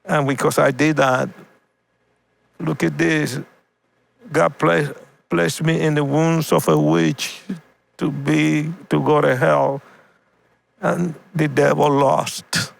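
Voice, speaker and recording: A man, an evangelist guest, telling his personal testimony haltingly, repeating and restarting words with deep feeling. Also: fairly even intonation, creaky.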